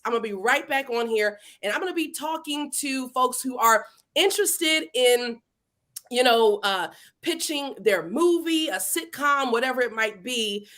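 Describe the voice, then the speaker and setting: Lively middle-aged woman host, fairly high pitch, playful and chatty with the audience. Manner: lively, playful, talks straight to viewers. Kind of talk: casual livestream interview.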